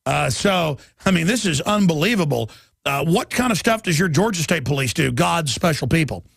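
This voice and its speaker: A man's voice: fairly high pitch, expressive, normal speed, vocal fry, fairly bright tone, breathy edge, dry recording, studio quality. A man hosting a talk radio show, ranting in a heated, mocking way.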